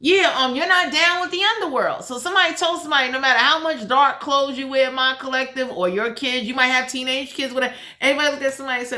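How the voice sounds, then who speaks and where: A tarot reader delivers a blunt, profane, heated reading as a casual monologue. Her voice is high, fast, bright and pushed with few pauses, recorded in an echoey room.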